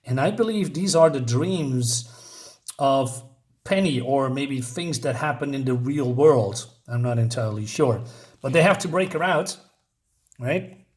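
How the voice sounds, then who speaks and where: A man reviewing a comic book in a casual, rambling way, full of fillers and restarts, reading the dialogue out in a flat voice. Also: mid-range voice, measured pace.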